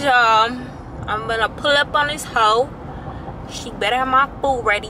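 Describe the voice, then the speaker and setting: A young woman with a slightly high voice, speaking at normal speed, vlogs casually from her car, both while driving and while parked outside. She rambles in a chatty, slangy way and laughs a lot, with traffic and car noise in the background.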